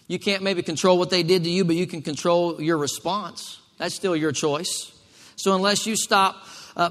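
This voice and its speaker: A man's voice: high voice, fairly bright tone, in a large hall. A male pastor preaching a sermon emphatically, calling for responses from the congregation.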